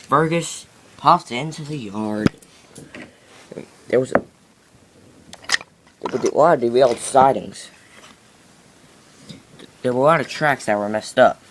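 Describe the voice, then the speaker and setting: A man's voice: medium pitch, slight background noise. Rambling man improvising a story. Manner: rambling, many restarts and fillers. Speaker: narrator of toy train stories.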